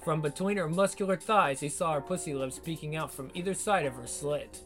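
A man narrating an audiobook in a steady storytelling read. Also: a little high, fairly quick. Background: faint guitar music.

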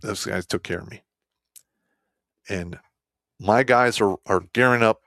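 A man telling a war story as an army veteran in a casual, blunt, heavily profane way, swinging between loud outbursts and low muttered asides. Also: unhurried, dry recording, clean studio sound.

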